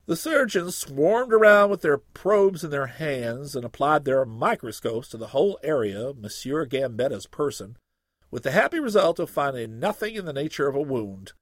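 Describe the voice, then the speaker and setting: A man reading a humorous story aloud in an expressive, lively storytelling way. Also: a little high, moderate pace, no room sound, studio quality.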